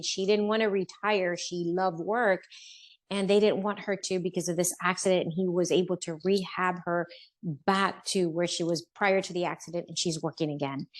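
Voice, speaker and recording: A middle-aged woman on a podcast as a guest, telling her own story in an earnest, heartfelt way and acting out what people said to her. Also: mid-range voice. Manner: earnest, heartfelt, acts out quoted speech. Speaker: podcast guest, business owner. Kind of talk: personal storytelling interview.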